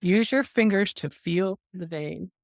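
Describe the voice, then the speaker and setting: Older woman with a gravelly voice. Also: lowish voice, a little slow, no echo, studio quality. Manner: animated storyteller, acts out quoted voices, frequent ums. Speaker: nurse guest. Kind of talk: storytelling interview.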